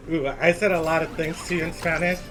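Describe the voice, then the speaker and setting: A man's voice: a little high, fairly bright tone, a little hiss or hum. A man live-streaming casually while walking and gaming, playful and teasing, laughing often and slipping into Spanish phrases.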